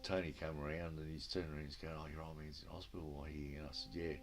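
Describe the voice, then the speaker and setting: Deep Australian male storyteller, casual and sweary, plays every part in his anecdotes, music under. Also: level tone, fast. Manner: rambling, swears freely, acts out quoted dialogue. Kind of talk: casual yarn-telling.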